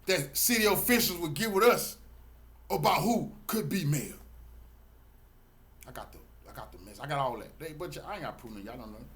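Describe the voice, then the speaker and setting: A middle-aged man speaks straight to his viewers in a preachy, emphatic flow. His voice sits a little high for a man, and he stacks up repeated words when he's fired up. It's a loose, heartfelt monologue to camera. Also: animated, fairly quick, fairly bright tone. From Texas, Galveston County. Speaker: channel host and community activist.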